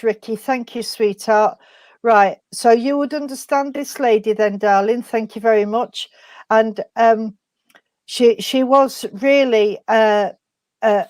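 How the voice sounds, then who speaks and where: A woman medium giving messages from spirit at a service, speaking haltingly with many pauses and fillers. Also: a little high, a little mellow, no room sound. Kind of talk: spiritualist demonstration.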